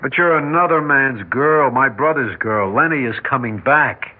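A man playing a modest middle-aged working man, earnest and a little halting. His voice is husky. It comes through a narrow, tinny old radio broadcast. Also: mid-range voice, lightly acted. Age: 40s. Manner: hesitant, earnest. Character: plain, modest filling-station owner, gentle and humble. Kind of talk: 1940s radio acting.

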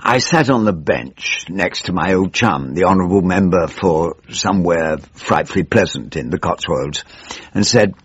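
An older man with a husky drawl, playing a weary, pompous member of parliament in a radio comedy monologue. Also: deep voice, lively intonation, moderate pace, a bit bright, no room sound, full character voice. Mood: weary grumbling. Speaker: weary elderly backbench politician narrating his woes. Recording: muffled dry radio recording.

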